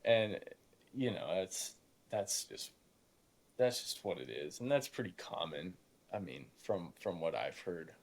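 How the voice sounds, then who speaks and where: A man's voice: deep voice, a little slow. An eighteen-year-old man, a podcast guest, telling stories in casual talk, mocking the people he quotes and saying "dude" a lot. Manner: animated storytelling, mocking quoted voices, says dude. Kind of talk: casual interview chat.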